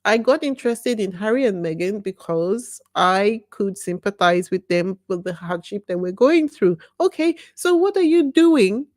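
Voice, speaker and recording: A woman runs her own YouTube channel, her voice on the high side with no echo. In a casual vlog monologue, she speaks with passion and emphasis, firing pointed questions at herself.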